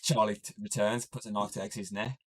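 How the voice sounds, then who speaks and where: Man, podcast host, lowish voice, casual film recap, rambling, lots of fillers. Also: fairly even intonation, brisk, slightly rough. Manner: rambling, heavy use of "obviously" and "like". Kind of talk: casual movie recap chat.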